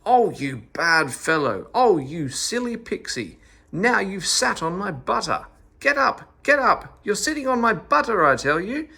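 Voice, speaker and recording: A man voicing Mother Hey-Ho, a fierce old woman who scolds and yells, in a storybook reading. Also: very animated, slow, creaky, hardly any pauses, husky, full character voice. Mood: furious. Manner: yelling, shrill scolding. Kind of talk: storybook read-aloud.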